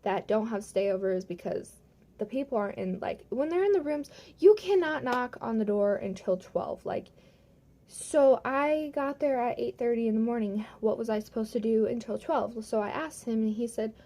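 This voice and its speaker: A young woman tells a storytime vlog from her home, and her voice sits a little high with a mellow, warm tone. She retells everything heatedly, swearing freely and packing her sentences with "like.". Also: normal speed. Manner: profane, heated retelling full of "like". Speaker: vlogger.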